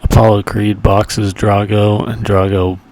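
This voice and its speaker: A man's voice: lowish voice, level tone, measured pace, darkish tone. A man hosting a comedy movie review, rambling crudely through a profane plot recap with loose impressions of the characters. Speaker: podcast host reviewing movies.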